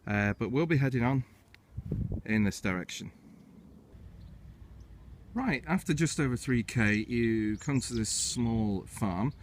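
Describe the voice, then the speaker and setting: A man's voice: lowish voice, a little hiss or hum. A man giving casual, chatty commentary as he guides viewers along a hill walk outdoors, often starting each new step of the route with "right". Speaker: hiking vlogger and walk guide. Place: outdoors on windy hills.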